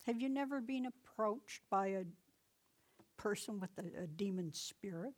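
Speaking at a measured pace, a middle-aged female Bible teacher and deliverance minister has a medium-pitched, darkish voice and sounds animated. Her relaxed teaching is full of chatty personal stories and frequent laughter, and she gets louder whenever she gives commands.

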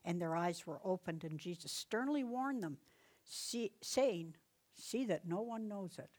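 A woman's voice: on the low side, animated, a little slow, a little mellow. A middle-aged woman giving casual Bible teaching, telling personal stories in a chatty way, laughing often and raising her voice for commands. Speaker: Bible teacher and deliverance minister.

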